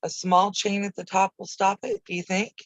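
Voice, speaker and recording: A chatty woman talks through her quilting project on a casual live stream, rambling from one aside to the next. Her voice sits at an ordinary middle pitch. The sound is dry and close, with no room echo. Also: flat delivery, moderate pace. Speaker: quilting channel host. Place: home sewing room. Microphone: camera on a video call setup.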